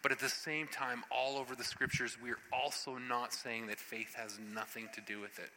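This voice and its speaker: A man preaching a sermon in an animated, conversational way, acting out scripture scenes. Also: mid-range voice, moderate pace, in a large hall, slight background noise, poor audio.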